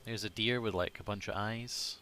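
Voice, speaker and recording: A man's voice: on the low side, fairly even intonation, moderate pace, pushed and bright, slight background noise. A man chatting casually on a live game stream, rambling, self-deprecating and swearing freely, sometimes muttering to himself.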